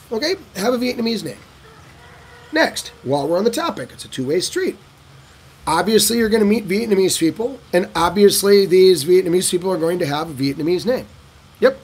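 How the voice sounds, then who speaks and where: A middle-aged man giving casual advice in a Q&A monologue, animated and swearing, acting out conversations. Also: husky. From United States. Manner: animated, swearing, acting out dialogues with lively shifts in pitch and pace. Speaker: vlogger giving advice on living in Vietnam.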